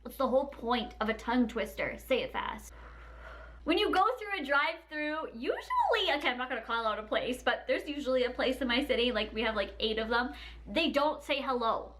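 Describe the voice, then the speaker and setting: A young woman vlogger ranting casually to camera in a sassy, animated way, often laughing and mimicking people. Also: on the high side, fairly quick.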